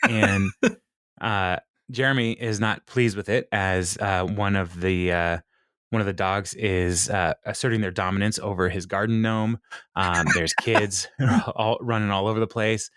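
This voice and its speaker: Lively opinionated man recapping, deep voice. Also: clean tone, dry recording, clean studio sound. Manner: opinionated, animated recapping with quick asides. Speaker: podcast co-host recapping an episode. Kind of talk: casual chat.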